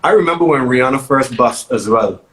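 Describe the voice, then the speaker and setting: A man's voice: mid-range voice, a little fast, rough recording. A man, a guest DJ telling stories in a casual interview with emphatic repeats. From Barbados. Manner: animated storytelling, emphatic repeats.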